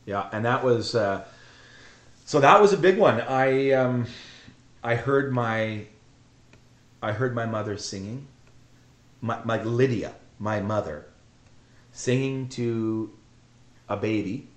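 A middle-aged man telling a heartfelt personal story on a podcast, earnest and emotional, often halting and repeating himself. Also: mid-range voice. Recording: roomy echo.

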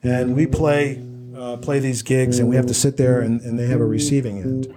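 A man's voice: mid-range voice, level tone, moderate pace. Man telling a rambling podcast story. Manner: rambling, self-correcting storyteller. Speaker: podcast co-host and musician. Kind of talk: casual podcast chat and storytelling. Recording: loud guitar music behind the talk.

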